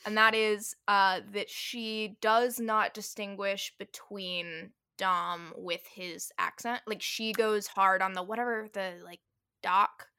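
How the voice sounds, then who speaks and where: A woman's voice: medium pitch, fairly even intonation, slow pace, pushed and bright, smooth, dry recording, studio quality. A young woman co-hosting a book podcast, giving wry, opinionated takes in casual chat. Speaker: podcast co-host.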